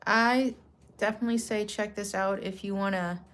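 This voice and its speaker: Woman, craft vlogger, casual and chatty, rambling, self-correcting, middle pitch. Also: normal speed. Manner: rambling, chatty, corrects herself mid-sentence; relaxed slang-filled talk. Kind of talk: casual chatty product walkthrough.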